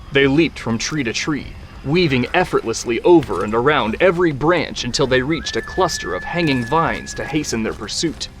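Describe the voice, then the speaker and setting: A man giving measured, scripted narration of an action scene. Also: mid-range voice. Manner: measured and descriptive.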